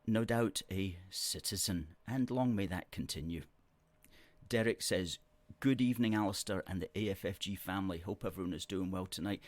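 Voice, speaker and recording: A middle-aged man hosts a live show, reading viewer comments aloud and answering with emphatic, repeated words. His voice sits fairly low. The recording is dry and close, with almost no room sound. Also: dry recording. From Scotland. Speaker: host.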